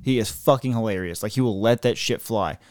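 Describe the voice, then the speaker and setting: A man's voice: fairly low pitch, fairly quick, no echo, studio quality. A man co-hosting a sports podcast in casual, profane and opinionated chat.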